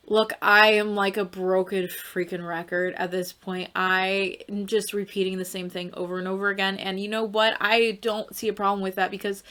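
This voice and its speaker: A woman's voice: medium pitch, sharp tone. A woman hosting a music reaction video, gushing and exclaiming as she fights back tears. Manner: gushing, exclaiming, repeating herself. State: close to tears. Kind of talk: emotional music reaction commentary.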